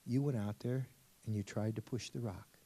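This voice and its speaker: A man voicing Jesus as a calm, patient, reassuring figure in a sermon story. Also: on the low side, normal speed.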